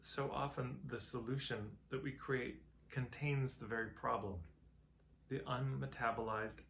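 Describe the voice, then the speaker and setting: A man's voice: medium pitch, level tone, a little slow, vocal fry, a bit bright, a little hiss or hum. A man giving a reflective, conversational talk on marketing and change, musing aloud and telling parables. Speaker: marketing teacher.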